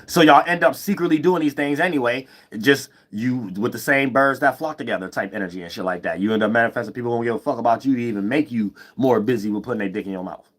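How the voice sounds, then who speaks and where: A man of middling pitch rants at a rapid clip in an off-the-cuff monologue. His talk is rambling and profane, full of restarts and the habit of asking "you know what I'm saying". Every so often his voice leaps up, higher and louder. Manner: sudden jumps up in pitch and loudness. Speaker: vlogger. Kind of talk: unscripted ranting monologue.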